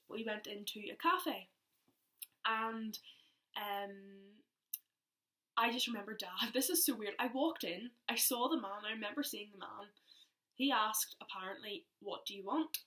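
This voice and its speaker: A woman's voice: mid-range voice, unhurried, pushed and bright. A young woman telling a personal story in a rambling, chatty way, often interrupting herself. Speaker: vlogger.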